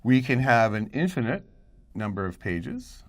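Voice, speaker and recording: A man's voice: mid-range voice, sing-song, unhurried. A middle-aged male professor giving a recorded lecture in a conversational way, thinking aloud and checking in with "right?". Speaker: college professor.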